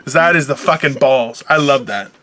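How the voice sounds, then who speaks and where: A man's voice: medium pitch, normal speed, pushed and bright. A young man co-hosting a podcast, rambling and joking with plenty of profanity in casual banter. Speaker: podcast co-host.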